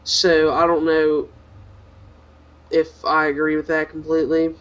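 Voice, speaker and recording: A man's voice: on the high side, monotone, unhurried, a bit bright, muffled recording. A man co-hosting a casual gaming podcast, rambling and opinionated, with frequent restarts. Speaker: podcast co-host.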